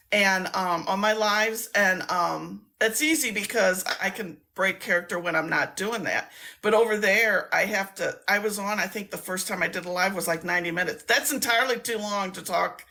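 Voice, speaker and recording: A woman's voice: medium pitch, pushed and bright. A woman hosting a live stream, chatting casually and rambling, laughing often.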